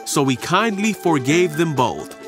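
A man narrating a scripted Bible story for children in a gentle storybook way. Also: on the high side, lively intonation, measured pace. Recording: narration over background music.

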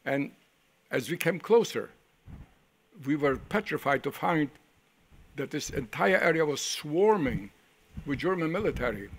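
An older man from Poland, giving a first-person testimony as a survivor, telling his story vividly with halting restarts and repeated words. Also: a little high, animated. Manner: vivid storytelling that acts out the voices of people he quotes.

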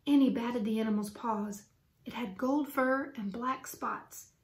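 A woman with a fairly high voice reads a children's chapter book aloud for students. Her storytelling is clear and expressive, paced for young listeners to follow along. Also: a little slow.

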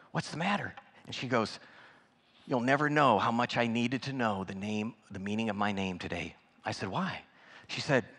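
Folksy preacher in a reverberant church. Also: male voice, mid-range voice, sharp tone. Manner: folksy, anecdotal, conversational with many restarts. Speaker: guest preacher. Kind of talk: sermon storytelling. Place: church sanctuary.

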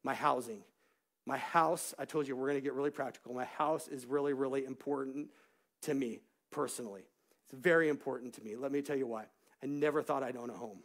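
A middle-aged man preaching a church sermon, telling personal stories in an animated way that rises into shouts of praise. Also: medium pitch, a little fast. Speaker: pastor. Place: church sanctuary.

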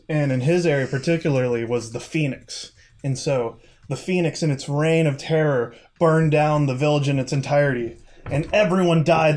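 A man's voice: fairly high pitch, a little mellow. A man at a tabletop game session, chatting casually about his character and laughing often as he talks. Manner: laughs often while talking.

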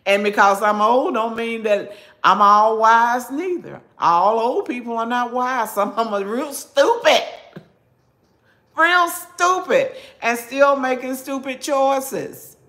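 A woman, chatting with her viewers in a slow, folksy, preachy way. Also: mid-range voice, a bit bright. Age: 70s. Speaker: cooking channel host reading chat. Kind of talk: casual live chat.

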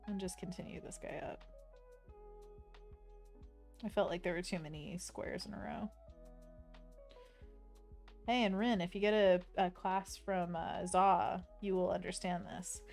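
A woman's voice: on the low side, fairly even intonation, measured pace, creaky, pauses often, a little mellow, soft background music. A woman streaming her drawing, chatting playfully and reading viewer messages aloud. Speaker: art streamer. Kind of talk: casual chat while drawing on stream.

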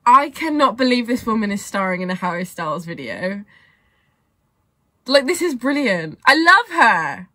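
A young woman giving casual reaction commentary on a music video, gushing and excitable and swearing freely. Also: a little high, moderate pace.

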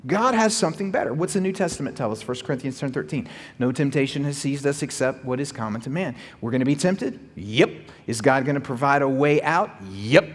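Male pastor, slightly husky, lively sermon delivery with rhetorical questions, echoey hall. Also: mid-range voice, a little fast.

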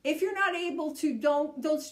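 A woman leading a guided tapping session, coaching calmly and repeating each step. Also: high-pitched, normal speed. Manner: calm, repetitive, coaching tone. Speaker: EFT tapping practitioner. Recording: echoey room.

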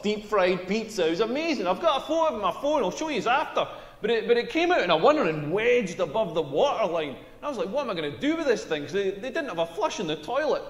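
A man with a Scottish accent playing a crude stand-up comedian performing his set in a game. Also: sits high. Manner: crude, brash deadpan punchlines. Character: brash crude male stand-up comic. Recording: echoey hall with long reverb.

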